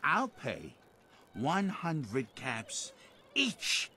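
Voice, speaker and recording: A man's voice: mid-range voice, huge pitch swings, very slow, bright, forceful tone, full character voice. An actor with a Boston accent voicing a boisterous, pushy male street vendor in a video game, full of hawking sales patter. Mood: boastful.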